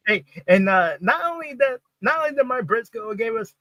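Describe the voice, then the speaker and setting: A man co-hosting a casual podcast, stammering and repeating his words as he gets excited. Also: very high voice, brisk, hardly any pauses, no echo, low-quality recording. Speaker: podcast co-host. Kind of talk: casual watch-party chat.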